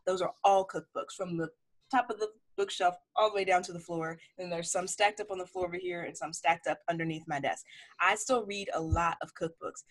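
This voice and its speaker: Frank, lively forty-year-old woman chef. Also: on the low side. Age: 40s. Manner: frank, animated storytelling with acted-out quotes. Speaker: chef and interview guest. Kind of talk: casual interview conversation. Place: home office lined with cookbooks.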